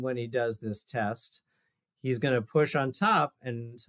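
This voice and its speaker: A man's voice: mid-range voice, unhurried, a bit bright. A man, a physical therapist, giving a loose, conversational talk over a video call while walking through exercise videos, with fillers and asides. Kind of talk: casual presentation over shared screen.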